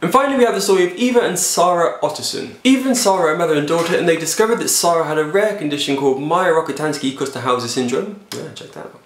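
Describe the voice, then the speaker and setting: A man hosting a fitness vlog, giving sarcastic and animated commentary on news stories. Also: fairly high pitch, quick pace, few pauses, reverberant, slight background noise. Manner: animated, sarcastic, jumps into silly voices. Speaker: fitness show host.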